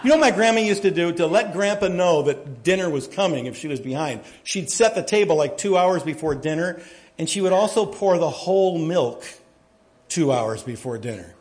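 A man preaching to his congregation in a folksy, joking way, his voice sitting fairly high for a man. He tells stories and gets animated, dropping quiet and then rising loud. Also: moderate pace. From United States. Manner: folksy storytelling, jokes, animated swings in loudness. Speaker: pastor. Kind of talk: sermon.

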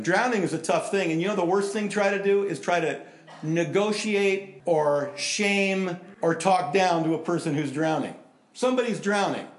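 A middle-aged man preaching a sermon in an echoey hall, his voice pitched a bit high for a man. He tells personal stories, rising to loud, animated bursts and dropping to hushed, earnest tones. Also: moderate pace. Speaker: pastor.

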